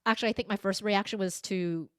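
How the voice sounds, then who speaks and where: A middle-aged woman chatting on a podcast, telling personal stories in a lively way and acting out what people said. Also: medium pitch, fast talker, smooth, no echo, clean studio sound. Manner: animated storyteller who acts out quoted speech. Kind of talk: casual podcast conversation.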